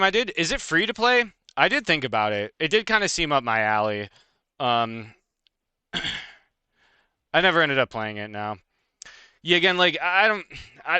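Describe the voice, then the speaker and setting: Male streamer, bright and crisp, rapid profane rant, dry close sound. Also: medium pitch, no room sound. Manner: fast, profane, heated and laughing. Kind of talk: casual live-stream rant.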